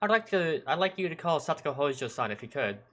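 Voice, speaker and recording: A sly, grinning middle-aged detective, smarmy and chuckling, with a high, bright voice as a man puts him on. He talks with loud, needling politeness in a game read aloud. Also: sing-song, fast. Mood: polite.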